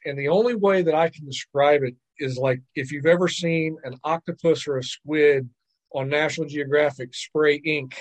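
Podcast guest, man, somewhat high voice, animated and chatty storyteller. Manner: animated storyteller, repeats words and asks "right?". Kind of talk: casual storytelling.

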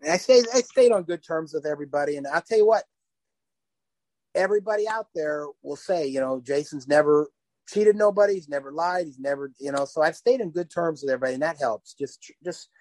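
Rambling older man, fairly high voice. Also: a little fast, dry recording. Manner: rambling, animated storyteller who laughs often. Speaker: podcast guest. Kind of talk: casual interview chat.

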